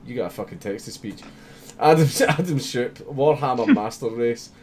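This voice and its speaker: A man's voice: medium pitch, moderate pace, darkish tone, a little hiss or hum. Man, livestream host, casual chat, heavy swearing, frequent laughter. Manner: swears constantly, laughs often, mock-reads comments. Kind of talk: casual livestream chat reading viewer messages.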